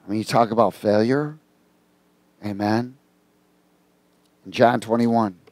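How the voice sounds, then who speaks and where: A man's voice: on the low side, steady tone, slow, a little mellow, dry recording. Conversational man preaching in a dry room. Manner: conversational, quizzes congregation. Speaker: pastor. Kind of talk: sermon.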